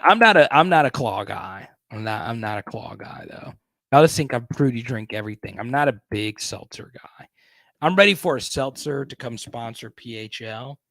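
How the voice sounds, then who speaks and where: A man's voice: medium pitch, big pitch swings, normal speed, gravelly, a bit bright, dry recording. A man hosting a casual live stream, chatting and reading viewer comments aloud.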